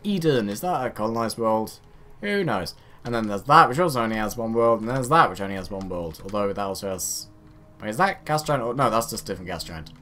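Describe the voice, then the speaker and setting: A man's voice: on the low side, lively intonation, fairly quick, sharp tone. A man giving casual, rambling, self-mocking commentary while playing a space game. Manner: rambling, self-mocking, chatty asides to himself. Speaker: gaming video host.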